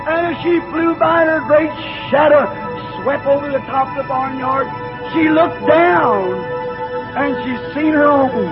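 A man preaching a sermon as a folksy story, in homespun country grammar, growing fervent and shouting at its peaks. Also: extremely high pitch, measured pace. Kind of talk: folksy storytelling sermon leading into an altar call. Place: church service. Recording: dull lo-fi tape with music behind. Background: music.

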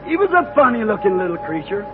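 A man preaching a sermon as a folksy story, in homespun country grammar, growing fervent and shouting at its peaks. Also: high-pitched, big pitch swings, quick pace. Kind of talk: folksy storytelling sermon leading into an altar call. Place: church service. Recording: dull lo-fi tape with music behind. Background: music.

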